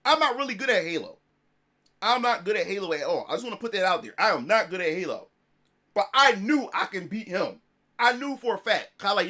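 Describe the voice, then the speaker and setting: A man telling a story to his livestream audience in a casual, animated way, swearing often and restarting his sentences. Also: sits high, fairly quick. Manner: animated, profane, full of restarts. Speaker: streamer.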